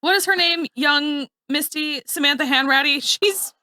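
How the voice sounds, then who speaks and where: A woman's voice: sits high, normal speed, sharp tone, no echo. A woman co-hosting a casual TV recap chat, explaining her points in a reasoned way. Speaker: podcast co-host.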